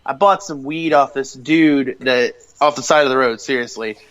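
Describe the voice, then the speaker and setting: A man's voice: mid-range voice, moderate pace, fairly bright tone. A man with a Southern US accent, swapping crude stories in casual podcast banter. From American South. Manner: profane, storytelling, laughing often. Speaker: podcast co-host.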